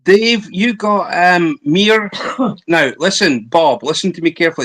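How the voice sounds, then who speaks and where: A man with a Scottish accent hosting a casual livestream chat, playful and animated with drawn-out emphasis. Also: a little high.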